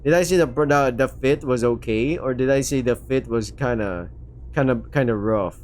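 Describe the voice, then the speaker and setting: A man's voice: medium pitch, normal speed, a little mellow. A man with a Filipino accent reading a visual novel aloud and breaking off into rambling, jokey asides that trip over themselves. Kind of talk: casual let's-play commentary and reading.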